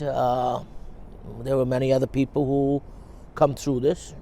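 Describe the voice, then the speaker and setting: A man in a documentary interview, speaking haltingly with pauses and fillers. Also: medium pitch, flat delivery, dark tone, a little hiss or hum. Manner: halting and hesitant, many fillers.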